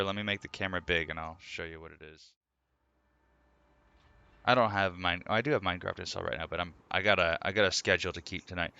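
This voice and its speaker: Bright, gravelly streamer guy. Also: on the low side. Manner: joking, rambling, laughing often. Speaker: live streamer. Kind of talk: casual chat.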